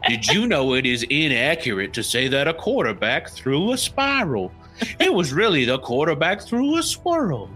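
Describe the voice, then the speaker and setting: A man's voice: fairly high pitch, big pitch swings, normal speed, sharp tone, soft background music. A man playing a pompous old Southern general who speaks with a Southern American accent and recites a grand letter. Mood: grandiose. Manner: grandiose, theatrical letter-writing.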